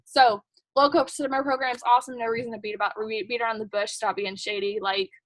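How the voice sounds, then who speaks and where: A woman's voice: fairly high pitch, flat delivery, fast talker, no room sound. A young woman, giving a chatty, emphatic motivational talk to her sales team, full of "like" and "um" and blunt pep. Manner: chatty, emphatic, says "like" and "um" a lot; blunt and pushy. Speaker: team leader at a sales kick-off meeting.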